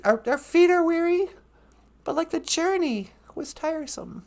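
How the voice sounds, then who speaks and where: A woman hosting a live-stream podcast in casual chat, laughing often and reading lines slowly and dreamily. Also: very high voice, animated, darkish tone. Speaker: podcast host.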